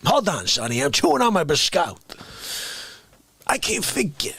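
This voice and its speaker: A man putting on a raspy, indignant ranting character who grills people, bursting into shouts. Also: a little high, big pitch swings, normal speed, dry recording, full character voice. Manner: shouting outbursts, mock-interrogating, rambling hypotheticals. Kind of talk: comedic character rant on a livestream.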